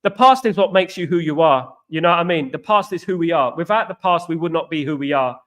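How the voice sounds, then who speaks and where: Middle-aged fan-channel host, high-pitched, bright and animated, repeats himself as he chats. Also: fast talker. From East London, England. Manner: animated, repetitive, chatty storyteller. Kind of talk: live-stream fan chat reading comments.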